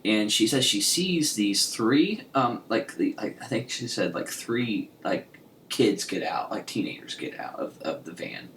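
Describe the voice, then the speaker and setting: Low-voiced man in an echoey room. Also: animated, measured pace, a bit bright. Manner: rambling, many restarts, laughs often. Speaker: podcast co-host. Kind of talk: casual chat. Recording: echoey room with faint hiss.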